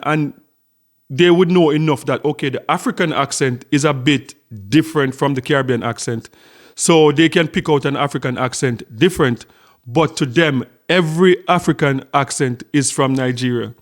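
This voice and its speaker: A middle-aged Jamaican man hosting a casual vlog, telling a story in a chatty way with lots of repeated words. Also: a little high. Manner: chatty storytelling with frequent repetitions. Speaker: channel host.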